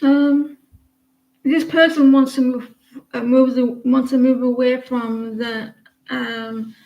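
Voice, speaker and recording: A woman's voice: sits high, fairly even intonation, slow pace. A woman giving casual live tarot readings, talking hesitantly with many fillers and restarts. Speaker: tarot reader. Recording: dull lo-fi sound.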